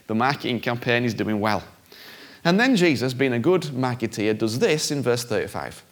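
A man preaching a sermon in a conversational, animated way, acting out voices with big jumps in pitch. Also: normal speed.

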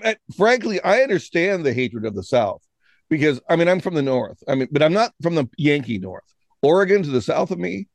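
A man's voice: on the high side, no echo. A man from Washington State co-hosting a casual political chat, lecturing in a musing way and often starting with "I mean". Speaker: podcast co-host.

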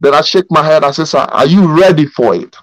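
Male pastor, high voice, dry close sound, animated storytelling with stumbles, video call Bible study. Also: a little fast, no room sound, low-quality recording. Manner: animated storyteller who stumbles and repeats words.

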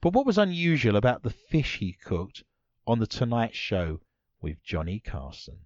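A man's voice: medium pitch, wildly swooping pitch, normal speed, no echo, lo-fi sound. A man hosting a comedy podcast quiz, playful and teasing, full of puns. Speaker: quiz host.

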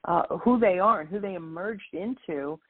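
A woman guest telling a lively story about her life in an interview, acting out the voices of others as she goes. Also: fairly low pitch, normal speed, slightly rough. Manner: animated storyteller, quotes voices. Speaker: author and guest. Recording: tinny phone line.

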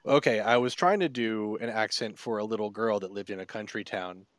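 A man with a fairly low voice tells a rambling story about a slip-up in his game and pokes fun at himself. The recording is dry, with no room echo. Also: fairly quick. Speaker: tabletop game master, podcast panelist. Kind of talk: casual storytelling chat.

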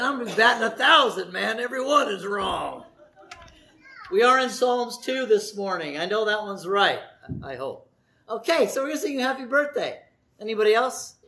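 A man's voice: very high-pitched, bright, forceful tone. A middle-aged man, a pastor, giving church announcements and a sermon in a chatty, jokey way, laughing often. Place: church sanctuary.

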